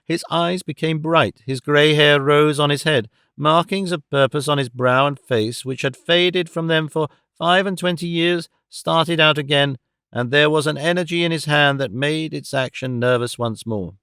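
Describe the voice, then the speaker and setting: A man narrating a classic novel audiobook with a steady, expressive reading. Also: fairly high pitch, moderate pace, clear, resonant tone, dry recording, clean studio sound.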